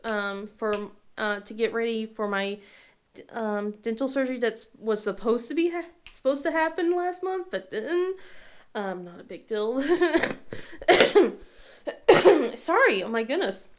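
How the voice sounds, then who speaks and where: A woman in her thirties chatting casually about her family in a rambling way, with many ums and frequent laughs. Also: fairly high pitch. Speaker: craft vlogger and mother. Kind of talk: casual chat.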